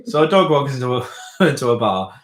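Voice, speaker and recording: Co-hosting a live stream, a man with a medium-pitched, animated voice laughs often and acts out the characters' voices while telling a long joke, talking a little fast. The chat is casual, and the room sounds echoey.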